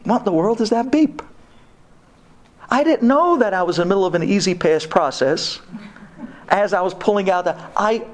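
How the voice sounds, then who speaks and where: A rabbi telling a humorous personal story in a Torah talk, animated and acting out the dialogue. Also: male voice, high-pitched.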